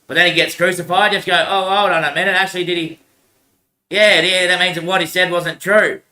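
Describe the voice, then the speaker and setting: Bright-voiced man muttering in a roomy space. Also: high-pitched, fairly even intonation, fairly quick. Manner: laughs often and trails off into muttered curses; calls the listener son and mate. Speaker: show host. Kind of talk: rambling solo monologue. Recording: roomy echo.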